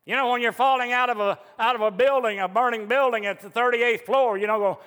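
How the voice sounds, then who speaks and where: High, bright-voiced fervent male preacher. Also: fairly even intonation, fast, smooth. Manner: fervent, emphatic preaching with rising outbursts. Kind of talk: sermon. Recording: echoey church hall reverb.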